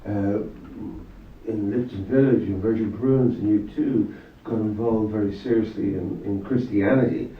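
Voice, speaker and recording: A man's voice: fairly low pitch, a little slow, a little hiss or hum. Irish guy rambling on stage, swears a bit, muffled roomy sound. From Ireland. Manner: rambling, reflective, swears casually. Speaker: guest musician. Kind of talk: casual live Q&A. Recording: roomy distant hall mic, muffled.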